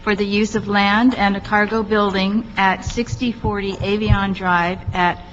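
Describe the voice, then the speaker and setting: A woman's voice: medium pitch, level tone, a little slow, a bit bright. A woman serving as legislative analyst, formally reading out an agenda item in a matter-of-fact way. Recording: dull reverberant chamber with faint hum.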